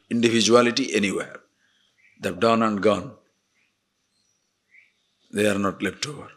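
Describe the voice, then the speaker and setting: An older man giving a spiritual discourse, animated, moving between emphatic declarations and soft murmured asides. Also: mid-range voice. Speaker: spiritual teacher.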